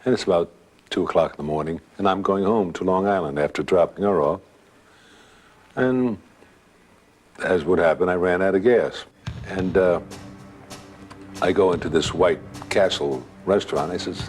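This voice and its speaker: An older man, casually telling a personal story in a relaxed way and acting out what others said. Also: sits low, normal speed, pauses often, husky. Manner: relaxed storytelling, acts out voices. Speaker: guest storyteller.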